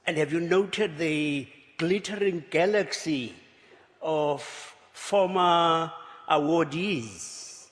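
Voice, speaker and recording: A South African archbishop giving a luncheon speech, halting and repeating words, swinging between hushed remarks and exclamations with chuckling asides. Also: male voice, fairly high pitch. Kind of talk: after-dinner speech. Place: luncheon banquet hall. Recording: reverberant banquet hall.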